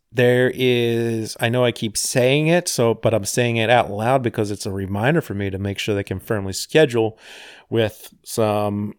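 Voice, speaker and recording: A podcast host with a mid-range voice runs a solo show, talking casually and drifting into wry, rambling sarcasm. The recording is clean studio quality with no room sound.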